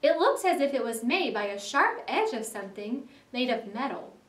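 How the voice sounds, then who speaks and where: A woman doing a brisk, bossy water rat. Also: fairly high pitch, big pitch swings, roomy sound, recorded from a distance.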